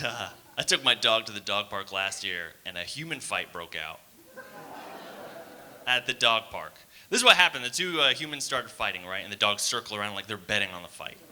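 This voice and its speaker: Young man, stand-up comic, sharp bright tone, rambling casual delivery, stage mic. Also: fairly low pitch, slight background noise. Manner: casual, rambling, many fillers and asides to the crowd. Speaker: stand-up comedian. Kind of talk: stand-up comedy set. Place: theater stage.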